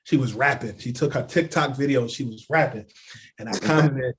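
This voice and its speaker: A man telling stories as a sports journalist guest on a casual podcast, animated and full of "like" and "yo". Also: mid-range voice, brisk, breathy edge.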